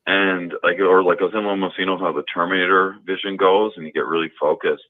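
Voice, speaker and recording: A man's voice: deep voice, fairly even intonation, fast. A man calling in to a talk show, telling a personal story in a rambling way, full of fillers and restarts. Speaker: caller. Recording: tinny phone line.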